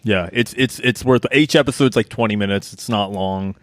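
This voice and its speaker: A man co-hosting a casual podcast chat, rambling and halting but enthusiastic. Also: on the low side, no echo. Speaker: podcast co-host.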